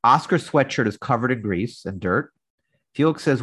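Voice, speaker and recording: A man's voice: medium pitch, animated, normal speed, fairly bright tone, breathy edge. A man co-hosting a podcast, casually recapping a sitcom episode and reading its lines. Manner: narrates scenes plainly, reads quotes. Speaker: podcast co-host.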